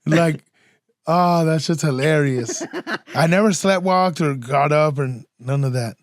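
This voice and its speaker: A man chatting casually on a podcast, telling stories in a slangy, profane, animated way. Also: on the high side, a little slow, no room sound, studio quality. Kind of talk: casual chat.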